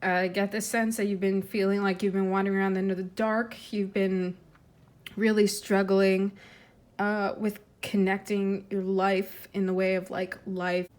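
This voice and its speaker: A woman giving an intuitive tarot reading, speaking gently and earnestly with frequent fillers and restarts, holding back tears. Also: medium pitch, level tone, measured pace. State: tearful, fighting emotion. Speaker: tarot reader.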